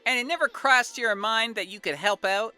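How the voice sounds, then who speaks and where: A woman voicing a tiny, hot-tempered male artist, reading game lines loud, mocking and indignant. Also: fairly high pitch, moderate pace, faint music behind, pitched above the performer's own voice. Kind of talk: reading game dialogue aloud on stream.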